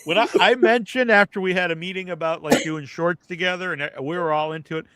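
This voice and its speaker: A man's voice: high-pitched, fast talker, sharp tone, clean tone, no echo, rough recording. A man hosting a casual live podcast chat, rambling with lots of filler words. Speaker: podcast host. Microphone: video call.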